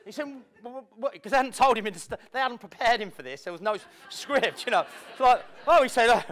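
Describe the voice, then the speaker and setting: A man's voice: very high voice, expressive, quick pace, a bit bright. A man giving a motivational talk to a live audience in an event room, playful and acting out the people he quotes. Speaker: motivational speaker.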